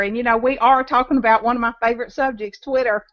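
A woman's voice: on the high side, fairly even intonation, fast, no room sound. A woman from the American South with a Southern accent, an author talking earnestly and laughing easily while hot and flustered. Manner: warm, earnest, laughs easily, many uh fillers. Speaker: author and guest. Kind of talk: interview conversation. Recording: dull, dry lo-fi home webcam audio.

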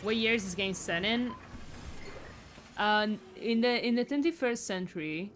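A woman's voice: medium pitch, measured pace, fairly bright tone, a little hiss or hum. A woman with an Italian accent, a native Italian speaker, chatting casually and rambling through gameplay commentary with the odd swear. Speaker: streamer.

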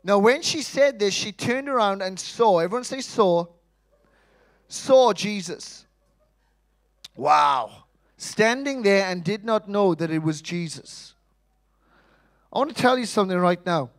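A man preaching an Easter sermon in a lively, humorous way, calling out to the congregation for responses. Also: high-pitched, moderate pace, dry recording, poor audio. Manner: lively, humorous, acts out quoted voices.

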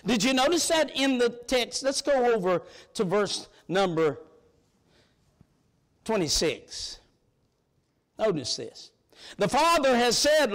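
A man preaching a sermon in a church, emphatic and colloquial, rising to shouts. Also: high voice. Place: church sanctuary.

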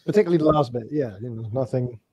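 A man's voice: medium pitch, rapid-fire, mellow, husky. A man co-hosting a casual hobby stream, joking and laughing often. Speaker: co-host.

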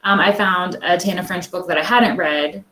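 A woman's voice: on the low side, normal speed, bright, forceful tone, reverberant, poor audio. A woman librarian co-hosting a casual book chat, talking in a rambling, friendly way and laughing often. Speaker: librarian co-host. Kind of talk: casual chat about books.

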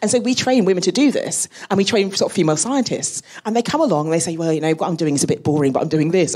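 A woman space scientist talking as a guest on a live panel, lively and laughing as she tells stories. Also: lowish voice, rapid-fire, few pauses, breathy edge. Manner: animated, laughing, storytelling. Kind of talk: live podcast panel talk. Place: live audience at a museum event.

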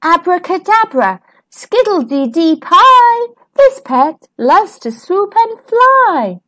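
A woman's voice: very high-pitched, very animated, slow pace, sharp tone, pitched above the performer's own voice, heavily acted. A woman voicing a kindly fairy godmother in a children's storybook, chanting rhyming spells in a sing-song way.

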